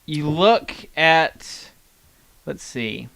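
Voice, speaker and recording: Smooth-voiced man, dry close sound. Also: fairly high pitch, lively intonation, very slow, a bit bright, dry recording. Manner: playful, searches for words aloud. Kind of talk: casual sports chat.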